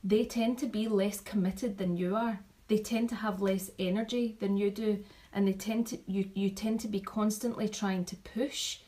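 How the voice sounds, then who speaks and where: A woman's voice: mid-range voice, normal speed, few pauses, rough recording. Chatty woman sharing takeaways. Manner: chatty, repeats and restarts, animated asides. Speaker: vlogger sharing event takeaways. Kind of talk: casual talk to team.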